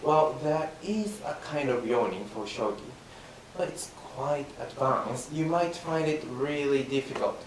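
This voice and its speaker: A man playing an older yawning teacher in rakugo comic storytelling, speaking in a calm, instructive way. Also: mid-range voice, a little slow, natural voice. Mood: calm instructing. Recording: roomy, distant mic, faint hiss.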